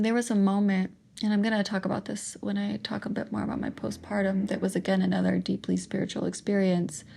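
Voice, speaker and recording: A young woman hosting her own podcast, telling an emotional personal testimony in a halting way, with pauses and restarts. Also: medium pitch, creaky, darkish tone.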